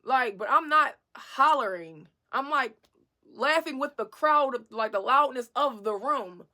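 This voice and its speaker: A young woman telling a casual storytime, animated and swearing freely, laughing as she goes. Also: high voice, a little slow.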